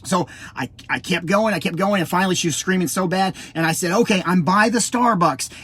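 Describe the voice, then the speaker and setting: A middle-aged man telling a personal story as a parent, halting and full of restarts, acting out the quotes. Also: high voice, a bit bright, breathy edge. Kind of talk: casual spoken storytelling.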